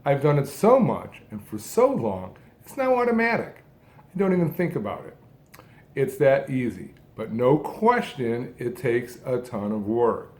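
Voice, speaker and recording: A man giving an instructional talk, speaking deliberately in short phrases with strong emphasis on key words. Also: medium pitch, big pitch swings, darkish tone. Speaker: speech coach who stutters.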